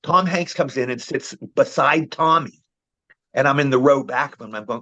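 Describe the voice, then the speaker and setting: A man's voice: mid-range voice, normal speed, sharp tone. A man, telling rambling anecdotes as the guest of a casual interview. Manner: rambling storyteller, frequent "you know". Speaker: actor guest. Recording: muffled, lo-fi call audio.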